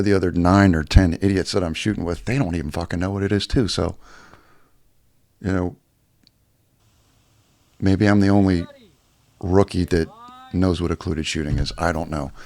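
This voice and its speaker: Man, very low voice, gravelly, profane, rambling casual vlog, dry sound. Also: a little mellow, no echo. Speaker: YouTuber.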